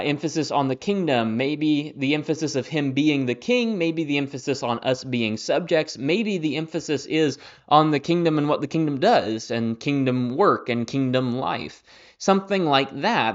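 A young man hosting a Bible study podcast, talking in a relaxed, conversational way with plenty of fillers and restarts. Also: mid-range voice. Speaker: Bible teacher and podcast host. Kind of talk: casual Bible study talk. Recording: slightly dull lo-fi audio.

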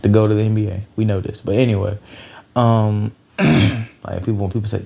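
Male sports host, gravelly and low, rambling and profane, dull lo-fi recording. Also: fairly quick. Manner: rambling, loose and profane, many restarts. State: a little tired. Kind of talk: casual sports talk.

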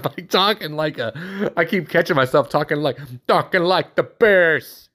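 Rambling man talking sports picks. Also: medium pitch. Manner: rambling, self-correcting, thinks aloud. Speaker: sports podcast host. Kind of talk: casual sports picks talk.

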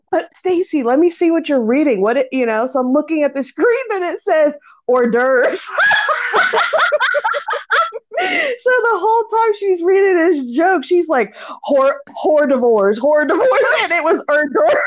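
Laughing high-voiced woman telling a story. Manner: laughs hard and often, swears freely. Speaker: podcast co-host. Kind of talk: casual chat, storytelling. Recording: dull lo-fi sound.

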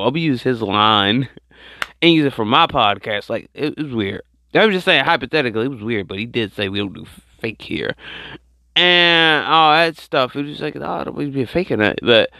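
Podcast host, male, bright gravelly voice, rambling slangy solo talk, dry close mic. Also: medium pitch, no room sound. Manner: rambling, slangy, repeats himself a lot. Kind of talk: casual solo podcast commentary.

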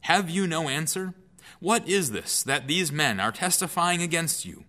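A man reading scripture aloud, voicing an indignant male high priest with loud, accusing, high-pitched outbursts. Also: lively intonation, unhurried. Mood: demanding.

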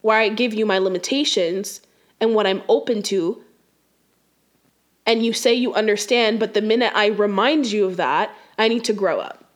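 A woman's voice: medium pitch, normal speed. A young woman rants casually to her viewers in slangy, exasperated speech. Her voice sits in an ordinary middle register. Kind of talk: casual storytime rant.

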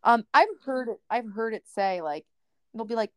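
A woman rants her way through everyday stories on a podcast, acting out what other people said and laughing along. Her voice sits fairly high and the recording is close and dry. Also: normal speed, a bit bright, no echo. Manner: chatty, ranting storyteller, quotes people, laughs often. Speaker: podcast co-host. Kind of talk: casual chat.

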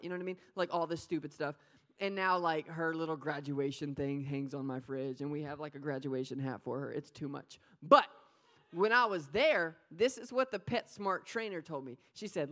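A woman preaching an energetic sermon, playful and animated, often talking straight to the crowd. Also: mid-range voice, moderate pace. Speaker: pastor.

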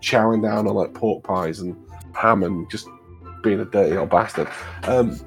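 A man's voice: lowish voice, normal speed, soft background music. Rambling game master man. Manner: rambling, many fillers and restarts. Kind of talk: narrating a tabletop game.

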